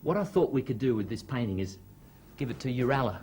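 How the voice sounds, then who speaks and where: A jokey, rambling man talks himself through a painting as a guest in a television studio, his voice swinging widely up and down. He muses and chuckles at middling pitch, with a faint hiss behind. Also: expressive, fast talker, warm tone. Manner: rambling, self-narrating, jokey. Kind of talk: chatty talk while painting, telling jokes.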